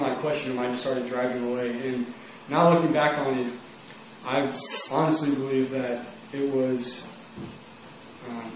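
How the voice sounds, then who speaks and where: A young man from Texas tells his own story in a loose, rambling way, leaning on "like" again and again. His voice sits at an ordinary pitch for a man. He is heard from some distance in a very echoey room, with faint noise behind him. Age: young adult. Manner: casual, rambling, heavy use of "like". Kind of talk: personal testimony.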